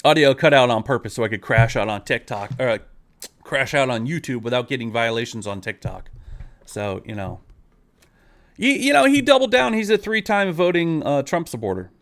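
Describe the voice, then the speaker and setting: A man's voice: mid-range voice, very animated, normal speed, fairly bright tone. Exasperated, profane man ranting. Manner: profane, exasperated, talks straight at viewers. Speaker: online creator. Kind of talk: ranting live video.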